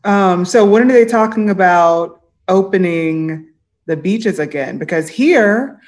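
A host chatting over a video call, unhurried and encouraging, often murmuring agreement. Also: mid-range voice, animated. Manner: unhurried, encouraging, frequent affirmations. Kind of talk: casual chat.

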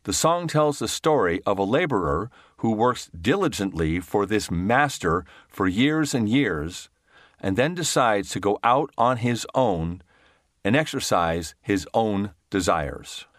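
A man's voice: fairly low pitch, expressive, measured pace, no room sound, studio quality. A man hosting a show, introducing a song with a conversational, storytelling delivery. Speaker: radio show host.

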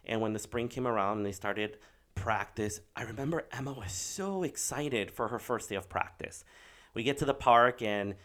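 A man's voice: mid-range voice, normal speed, a bit bright. Earnest middle-aged man telling a story. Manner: earnest, with hesitant fillers and restarts. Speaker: motivational speaker. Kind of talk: storytelling talk.

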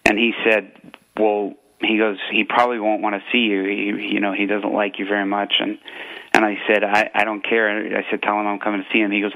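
A pastor calls in and tells a story in a low, flat voice. He acts out both sides of a conversation with earnest conviction. The sound is thin and tinny, like a phone line on the radio. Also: creaky. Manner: earnest, retells dialogue, many fillers and restarts. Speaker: pastor and police chaplain. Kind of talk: storytelling testimony on a radio show.

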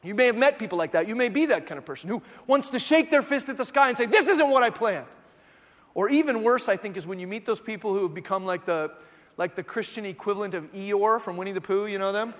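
A man in his thirties preaching a sermon, telling stories and acting out the voices in them, sometimes rising to shouts. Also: sits high, fast talker, big-room sound. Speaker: pastor.

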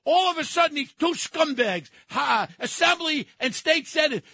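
A man in his seventies ranting angrily on a political talk radio show, often shouting. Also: very high-pitched, animated, normal speed. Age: 70s. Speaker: radio co-host.

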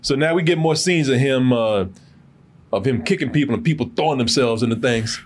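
A man's voice: medium pitch, fairly quick. A man hosting a podcast, reviewing a movie in a laid-back, crude, joking way. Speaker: podcast host. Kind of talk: casual movie review chat.

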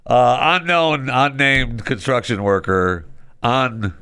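A man's voice: mid-range voice, slow, pushed and bright, smooth, dry recording. A man hosting a talk show, delivering a casual monologue with chatty, opinionated asides and wry humor. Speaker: radio show host.

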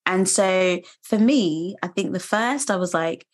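A British woman in her thirties, a guest speaking earnestly and reflectively in an interview, pausing and restarting as she thinks. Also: on the low side. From United Kingdom. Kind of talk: candid interview conversation.

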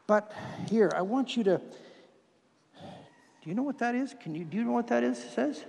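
High-voiced preacher in a reverberant hall. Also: male voice, animated, moderate pace, gravelly. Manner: folksy, swings to loud emphatic preaching. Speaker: pastor. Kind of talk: sermon with audience participation. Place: church hall with congregation.

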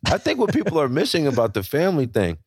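A man's voice: a little high, fast talker, breathy edge. A man co-hosting a casual sports talk show, telling stories with lots of hedges and fillers. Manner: storytelling, hedging, lively. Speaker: podcast co-host.

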